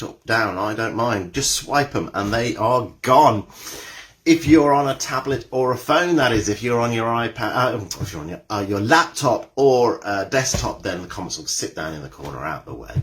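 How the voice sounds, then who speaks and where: A man's voice: fairly low pitch, fairly bright tone. A cheery, chatty man hosting a live online exercise class, greeting viewers by name and reading out their comments.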